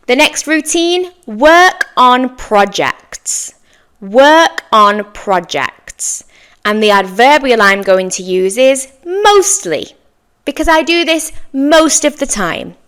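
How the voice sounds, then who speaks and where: A woman teaching an English lesson, saying example sentences slowly and clearly for learners to repeat, with encouraging praise. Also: mid-range voice, fairly bright tone. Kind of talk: slow, clear language lesson with repeat-after-me drills.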